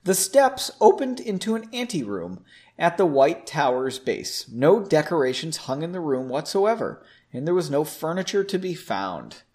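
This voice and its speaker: A man's voice: a little high, very animated, normal speed, a little mellow. A man reading a fantasy story aloud, breaking in with sarcastic, amused asides. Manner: sarcastic, amused, self-mocking. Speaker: reader of a story.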